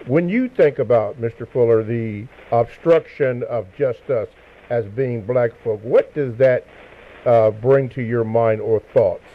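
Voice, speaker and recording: A man hosting a live radio interview, speaking hesitantly with frequent pauses and fillers. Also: medium pitch, slight background noise. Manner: hesitant, with many fillers and restarts. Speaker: radio host. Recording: narrow radio broadcast sound.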